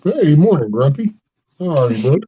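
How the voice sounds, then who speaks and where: A man's voice: a little high, sing-song, normal speed, warm tone, slightly rough, highs cut off. A man hosting a casual chat, rambling through folksy stories with mild cursing and acted-out quotes. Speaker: host of a casual live chat.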